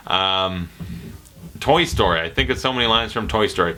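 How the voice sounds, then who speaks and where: A man's voice: on the low side, moderate pace. A young man from Canada answering viewer questions in a casual vlog, joking and slipping into movie-quote impressions. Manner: animated, jokey, slips into movie-quote impressions.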